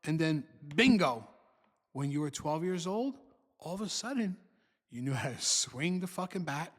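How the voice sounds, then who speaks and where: A middle-aged man with a New Jersey accent, a father and co-host, teases his son in casual chat, telling stories bluntly and often saying "man." His voice is on the high side and very animated, at a moderate pace, with a long reverb tail.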